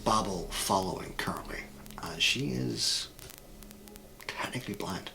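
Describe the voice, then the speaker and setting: A man running a tabletop role-playing game as game master, narrating scenes in a measured, descriptive way. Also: fairly low pitch, creaky, in a whisper, low-quality recording.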